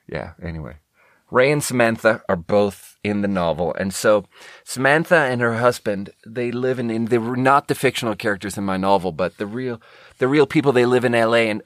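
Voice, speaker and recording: A man's voice: lowish voice, dry recording, clean studio sound. A man hosting a podcast, telling a story in a rambling way, often correcting himself mid-sentence and swearing casually. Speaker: podcast host.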